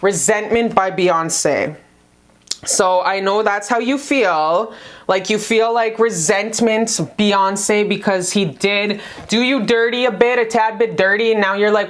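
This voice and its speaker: A woman giving a casual love tarot reading to the camera, chatty and blunt, swearing freely and calling her viewers "you guys". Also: a little slow. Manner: animated, jumps in pitch for emphasis. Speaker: tarot card reader.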